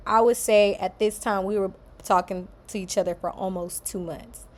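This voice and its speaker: Recorded in a room with echo, a twenties-aged female vlogger casually relates something that happened to her, performing other people's lines in character. Her mid-range voice is steady and a bit mellow, moving at normal speed.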